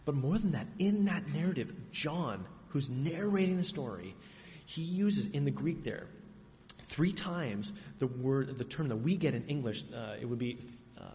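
A man's voice: medium pitch, darkish tone. Earnest male preacher in a reverberant hall. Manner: earnest, emphatic, with dramatic pauses. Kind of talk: sermon. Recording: reverberant hall, faint ambient noise.

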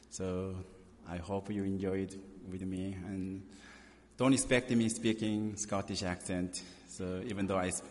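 Halting guest preacher in an echoing hall. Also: male voice, on the low side, slight background noise. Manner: halting, with fillers and non-native grammar. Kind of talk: sermon with scripture reading. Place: church. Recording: reverberant church hall.

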